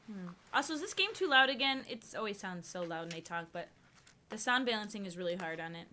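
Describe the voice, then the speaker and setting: A woman's voice: mid-range voice, expressive, fast, sharp tone, slight background noise. A woman streaming a video game, chatting casually with rambling asides and frequent laughter. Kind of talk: casual gameplay commentary.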